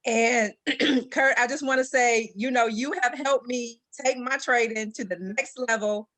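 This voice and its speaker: Brief: Detroit woman, community leader, storytelling testimonial, bright dry voice. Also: fairly high pitch, fairly even intonation, unhurried, dry recording. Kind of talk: casual testimonial.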